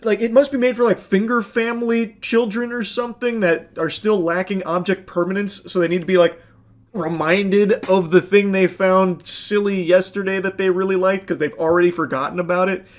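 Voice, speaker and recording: High-pitched male commentator, sarcastic and profane, reaction video host. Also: steady tone, moderate pace. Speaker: commentary YouTuber.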